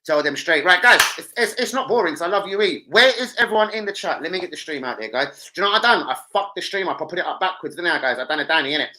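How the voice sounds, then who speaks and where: A young man, hosting a football live stream and chatting with his viewers in an animated, slangy and sweary way. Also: on the high side, quick pace, hardly any pauses, poor audio. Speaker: football livestream host. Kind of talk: casual live-stream chat.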